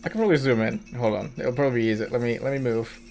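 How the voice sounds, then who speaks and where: A man's voice: mid-range voice, rapid-fire, vocal fry, darkish tone. Giggly male streamer chatting casually. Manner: chatty and giggly, often breaking into laughter. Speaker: VTuber streamer. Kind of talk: casual livestream chat.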